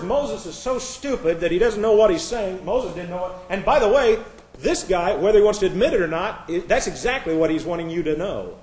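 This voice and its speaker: A man preaching a sermon, combative and sarcastic, dropping to hushed asides and rising to loud outbursts. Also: high-pitched, very animated, a little fast, reverberant.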